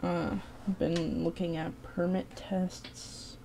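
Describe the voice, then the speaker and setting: A woman's voice: on the low side, flat delivery, slow, gravelly, mellow, a little hiss or hum. A tired young woman streaming live, chatting casually while she draws, rambling, swearing and poking fun at herself.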